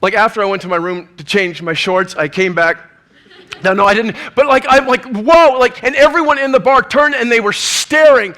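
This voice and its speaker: A male preacher telling a story in a sermon, lively and acting out the scenes. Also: sits high, fairly quick.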